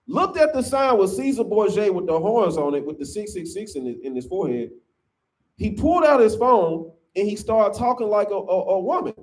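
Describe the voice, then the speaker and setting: A man preaches scripture in a fiery, emphatic style. His voice sits high and swings up and down with lively energy. He keeps tossing in "man" as he drives each point home. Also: normal speed. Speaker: Sabbath class teacher.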